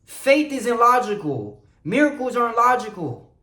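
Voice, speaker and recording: A man giving an earnest spiritual pep talk, shifting between soft confiding passages and loud urging ones. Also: extremely high pitch, big pitch swings, unhurried, reverberant. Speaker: motivational vlogger. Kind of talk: spiritual motivational monologue.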